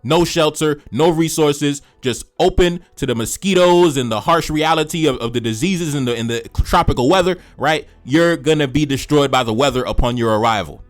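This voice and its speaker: A man reading a historical document aloud, breaking off for animated, slangy asides and repeating phrases for emphasis. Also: fairly high pitch, moderate pace, hardly any pauses, faint music behind. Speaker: history commentator.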